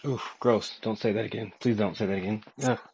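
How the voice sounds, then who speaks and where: A man, a coach appearing as a podcast guest, talking in a low-key, blunt way and swearing casually. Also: fairly even intonation, a little fast, darkish tone, highs cut off, slight background noise. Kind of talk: candid conversational chat.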